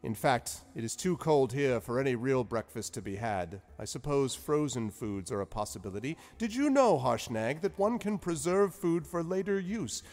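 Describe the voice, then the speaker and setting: A man's voice: medium pitch, sing-song, moderate pace, hardly any pauses, darkish tone, long reverb tail, pitched above the performer's own voice. A man voicing a jolly, eccentric male wizard who chatters whimsically. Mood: chatty.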